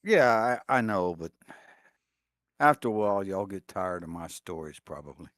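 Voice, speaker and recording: A man's voice: deep voice, expressive, moderate pace, a bit bright, dry recording. A man chatting as a guest on a livestream, folksy, laying out his rules of life matter-of-factly. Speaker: guest caller. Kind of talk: casual chat.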